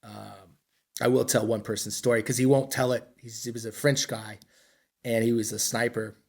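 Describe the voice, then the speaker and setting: A middle-aged American military veteran appears as a podcast guest, telling war stories in a casual interview. His mid-range voice is gravelly, husky and darkish, delivered flatly at normal speed. He rambles, and he's blunt, profane and self-mocking.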